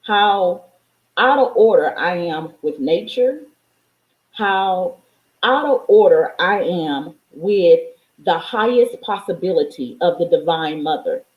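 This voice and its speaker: A woman's voice: on the low side, lively intonation, slow pace, phone-quality sound. Fervent, swearing woman in an echoey room. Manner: profane, fervent, preachy. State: near tears. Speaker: spiritual vlogger. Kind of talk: emotional spiritual monologue.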